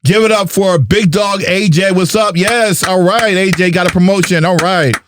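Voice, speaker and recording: A man's voice: sits high, moderate pace, noisy background. A man from New Jersey hosting a podcast in a playful, chatty manner, hyping up his guests. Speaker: podcast host. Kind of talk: casual podcast chat.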